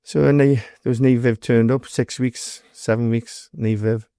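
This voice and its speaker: A man's voice: medium pitch, fairly even intonation, a little slow, vocal fry, warm tone, clear, resonant tone, dry recording, studio quality. Blunt Geordie man telling stories. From North East England. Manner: blunt storytelling, heavy swearing, acts out quoted dialogue. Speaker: guest, former doorman. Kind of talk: casual interview storytelling.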